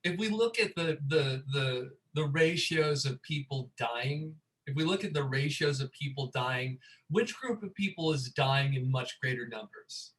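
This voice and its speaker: A man's voice: medium pitch, unhurried, few pauses, fairly bright tone, rough recording. A man co-hosting a talk show, ranting in a sardonic, joking way while feeling a little under the weather. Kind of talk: casual chat.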